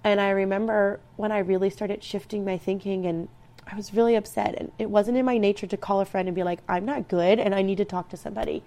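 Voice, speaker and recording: A woman's voice: medium pitch, fairly even intonation, fast, warm tone. A woman in her thirties giving a reflective personal talk, earnest and rambling, with frequent restarts. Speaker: speaker sharing personal growth advice.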